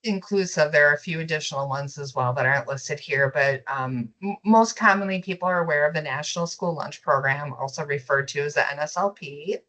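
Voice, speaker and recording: Woman, low voice, friendly webinar presenter, explanatory, occasional fillers. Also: fairly quick, few pauses, a bit bright, low-quality recording. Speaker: school nutrition program presenter.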